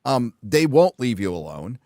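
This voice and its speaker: A man's voice: medium pitch, very animated, moderate pace, mellow, no room sound, studio quality. A man hosting a casual chat podcast, speaking bluntly and emphatically and swearing freely. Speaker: podcast host.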